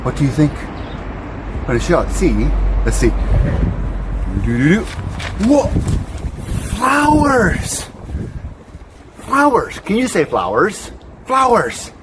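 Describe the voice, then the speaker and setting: A man presenting a children's nature walk, speaking slowly and in an exaggerated, coaxing way that invites kids to join in, recorded outdoors. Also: high voice, huge pitch swings. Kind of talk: children's educational walk-along. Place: outdoors by a river. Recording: outdoor noise with passing traffic.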